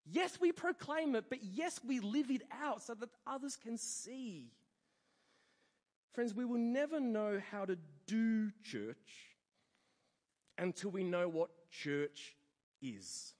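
A high-voiced man preaches a sermon with wide, animated swings in pitch. He acts out quoted voices as he tells his story. His voice rings with the long reverb of a church hall. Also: slow. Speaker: pastor.

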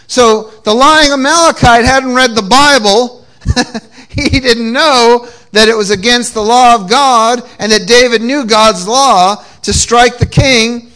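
Man, pastor, from New England, sermon, high voice, bright tone, call-and-response, repeats his words. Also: measured pace. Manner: call-and-response preaching, frequent repeated restarts. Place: church.

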